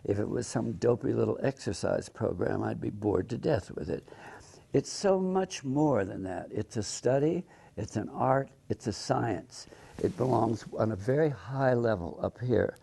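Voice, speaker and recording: An older man, a movement teacher, reflecting in an interview, halting with many repeated words and fillers. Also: medium pitch, expressive, creaky, warm tone, husky.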